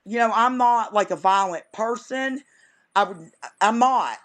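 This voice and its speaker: A woman's voice: fairly high pitch, measured pace. A woman guest on a live stream, ranting in an angry, exasperated, vehement way. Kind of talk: impassioned ranting.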